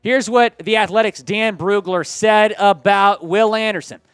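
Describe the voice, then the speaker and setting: A man with a high, smooth, resonant voice hosts a sports news show, gushing with excitement. He is from Houston and his delivery swings between quick bursts and drawn-out stretches. The sound is close and dry. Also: no echo. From Houston, Texas.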